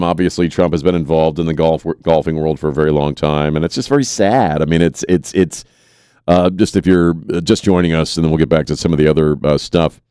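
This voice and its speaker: Very deep-voiced male radio host. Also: steady tone, a little mellow, clear, resonant tone, no room sound, clean studio sound. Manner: halting, full of "uh" and restarts. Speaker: radio morning show host. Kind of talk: casual talk radio news chat. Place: radio studio.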